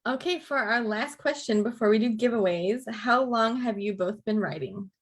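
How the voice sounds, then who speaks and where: Woman host; brief friendly questions, slightly higher pitch. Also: animated, moderate pace. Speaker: chat host. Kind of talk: hosting a casual chat.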